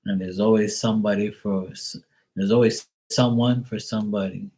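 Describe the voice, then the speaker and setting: A man's voice: fairly low pitch, steady tone, moderate pace, darkish tone. A man reading tarot on a live stream, who chats casually and tells rambling, profane stories. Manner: blunt, profane, rambling storyteller. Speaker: tarot reader.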